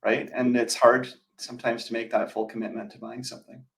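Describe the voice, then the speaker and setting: Male real estate co-host, mid-pitched, conversational and rambling. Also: level tone, fairly quick, creaky, poor audio. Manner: conversational, rambling with fillers and restarts. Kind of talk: casual chat.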